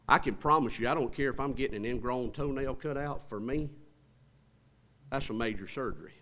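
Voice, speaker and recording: A man's voice: mid-range voice, moderate pace, pauses often. Folksy preacher man. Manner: swings from soft, hushed lines to loud emphatic ones; folksy, talks straight to the congregation. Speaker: pastor. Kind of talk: sermon.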